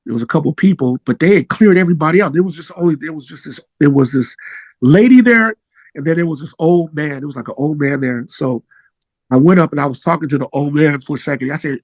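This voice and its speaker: A middle-aged man, a musician guest, telling a story in a casual, animated way that jumps up in pitch when he gets excited. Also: fast, dry recording.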